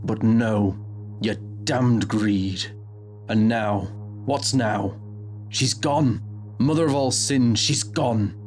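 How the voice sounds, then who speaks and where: A man's voice: steady tone, slow, few pauses, faint music behind. A man voicing a panicking, bitter male spy who keeps repeating his reproaches. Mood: panicked. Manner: frantic, repeating reproaches in rising pitch.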